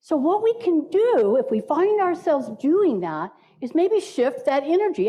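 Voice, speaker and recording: A woman's voice: high voice, very animated, normal speed, hardly any pauses, warm tone. A woman minister giving a playful sermon in a church, inviting the congregation to repeat words with her. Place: church sanctuary.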